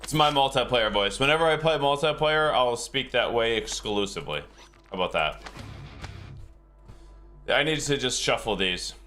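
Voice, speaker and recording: A man's voice: medium pitch, lively intonation, moderate pace, long pauses, sharp tone, soft background music. A game streamer, a man, chatting casually with his live viewers in a rambling, easygoing way and chuckling often.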